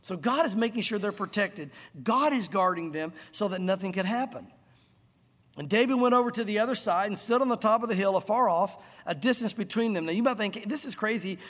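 Animated male preacher, high voice, long hall reverb, acts out voices. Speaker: pastor. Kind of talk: expository sermon.

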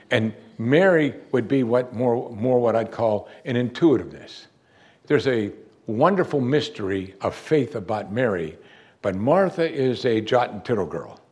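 A male preacher delivers a sermon in an expressive, storytelling way. His pitch sits in the middle but moves a great deal, rising and falling as he acts out the people in the story. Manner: expressive, acts out quoted lines with big pitch swings.

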